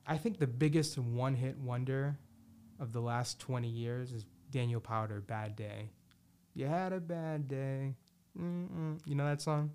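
A man with a mid-range, darkish voice hosts a podcast by himself. His chat is casual and wandering, packed with restarts, fillers, and free swearing, and he sounds enthusiastic about music predictions.

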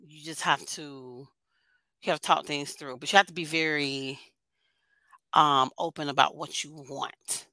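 A woman's voice: sits low, steady tone, unhurried, pushed and bright, no echo, low-quality recording. A woman guest on a podcast, chatting candidly and swearing casually.

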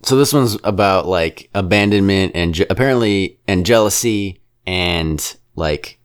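A man's voice: low-pitched, clean tone. A man co-hosting a podcast, chatting casually and rambling about a film with strong opinions. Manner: rambling, opinionated, keeps slipping into quick character impressions. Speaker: podcast co-host reviewing a film. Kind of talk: casual chat.

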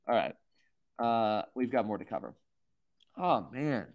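A man's voice: medium pitch, sing-song, slow. A man hosting a livestream, rambling and self-mocking with lots of fillers. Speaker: host. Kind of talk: livestream commentary.

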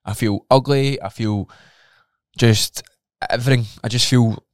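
A man's voice: mid-range voice, fairly even intonation, unhurried, no room sound, clean studio sound. A Scottish man co-hosting a podcast, telling a personal story openly and emotionally, swearing often. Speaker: podcast co-host. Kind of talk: candid podcast conversation.

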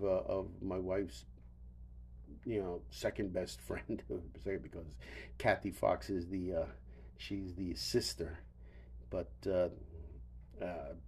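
A man's voice: low voice, darkish tone, slight background noise. An older man hosting a solo podcast, rambling wearily with profanity and stammered restarts, tired and yawning. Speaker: podcast host.

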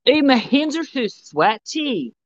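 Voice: high-pitched, big pitch swings, slow pace, a little hiss or hum, pitched above the performer's own voice, full character voice. A podcaster putting on a fussy, sweaty new alter with an exaggerated mock Scottish accent, drawn out in parody, in slightly muffled podcast audio. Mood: mock whiny.

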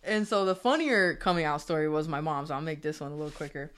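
Animated woman telling a story. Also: sits low, quick pace. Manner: animated storyteller, acts out quotes. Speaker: podcast co-host. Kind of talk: casual chat.

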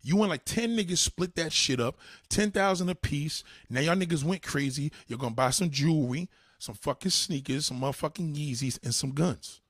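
A man's voice: a little high, moderate pace, few pauses, fairly bright tone, dry recording, clean studio sound. A man delivering a heated, profane monologue, blunt and repetitive, swearing a lot.

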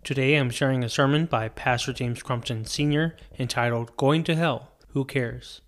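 A man hosting a podcast, in a middle-pitched voice. He reads a scripted introduction in an earnest, steady way. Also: moderate pace. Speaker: podcast host.

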